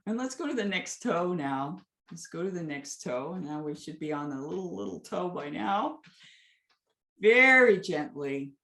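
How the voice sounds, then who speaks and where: A woman teaching a gentle foot exercise, weaving a story into soothing, calm instructions. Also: mid-range voice, reverberant. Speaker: movement teacher.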